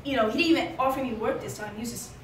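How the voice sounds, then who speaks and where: A woman's voice: on the high side, very fast. A woman giving a candid, laughing, profane spoken tribute at a memorial gathering. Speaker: eulogy speaker. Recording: roomy hall from far off, noisy.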